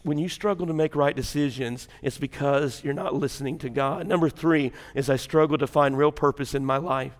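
An older man, preaching a sermon in a church with folksy storytelling, going from loud and animated to hushed and intense. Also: on the high side, big-room sound. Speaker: pastor.

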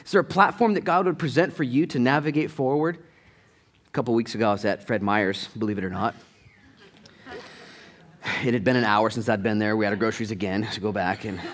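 A middle-aged male pastor preaching a sermon, telling stories in a conversational way and talking straight to the congregation, with sudden jumps in pitch and loudness. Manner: animated storytelling with sudden rises in pitch and volume; conversational, addresses the congregation directly.

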